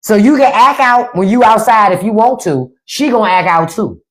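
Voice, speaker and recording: Profane, animated woman podcast host. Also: mid-range voice, moderate pace. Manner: profane, animated storytelling with acted quotes. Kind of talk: casual live-stream talk.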